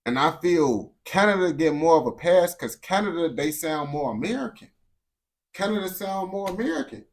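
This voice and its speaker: A man's voice: a little high, sing-song, normal speed. A man giving casual reaction commentary, blunt and profane, full of slang and repeated phrases. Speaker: reaction streamer.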